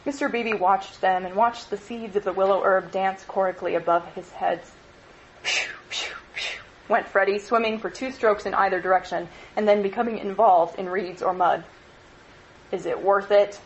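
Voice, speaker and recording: A woman lecturer reading a novel aloud in an expressive, measured way. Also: mid-range voice, muffled recording, slight background noise.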